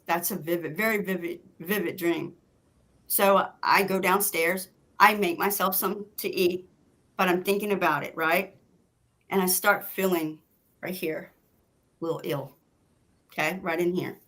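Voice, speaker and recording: A woman guest telling a personal story in casual chat, acting out what people said. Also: lowish voice. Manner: animated, acts out quoted lines.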